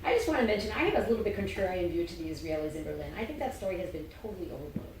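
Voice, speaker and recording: A woman's voice: on the low side, animated, racing. A woman makes her points in a plain, matter-of-fact way and cites numbers. Her voice comes from a distance in a reverberant theater. Noise sits behind her. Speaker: panelist. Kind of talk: panel discussion. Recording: roomy, distant mic with noise.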